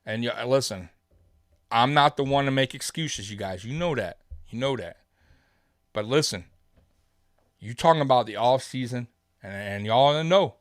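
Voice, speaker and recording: A man's voice: mid-range voice, expressive, unhurried, long pauses, no room sound, studio quality. A man hosting a live sports show, talking straight to his viewers in a heated, rambling fan commentary.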